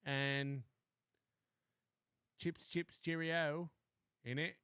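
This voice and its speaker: A man's voice: on the high side, steady tone, very slow, fairly bright tone, a little hiss or hum, full character voice. A man doing a put-on English accent as a pleading man begging for a membership. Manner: whiny, pleading. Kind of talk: comedic impression on a podcast.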